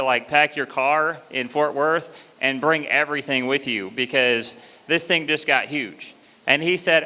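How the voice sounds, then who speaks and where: A man's voice: fairly high pitch, sharp tone, clear, resonant tone, long reverb tail. A man hosting an event from the stage, speaking with enthusiasm and introducing the next speaker. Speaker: event host.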